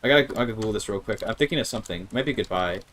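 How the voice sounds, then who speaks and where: Low-voiced man streaming a game casually. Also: fairly bright tone, slight background noise. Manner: thinks aloud, sounds out words haltingly, swears casually. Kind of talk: casual live-stream gameplay chatter.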